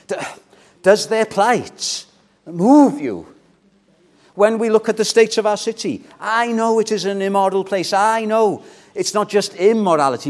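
Male pastor, earnest pleading sermon, voice rising and falling a lot, slightly high. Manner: earnest, pleading preaching that swings between loud and soft. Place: church.

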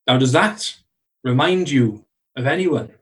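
A man preaching a sermon in a church, earnest, slowing down to stress key phrases. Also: mid-range voice, animated, recorded from a distance, rough recording.

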